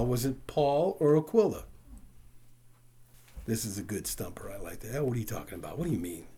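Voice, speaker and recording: A man's voice: medium pitch, dark tone. A man preaching a sermon to a congregation, asking questions of the room and chuckling at his own points. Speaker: pastor.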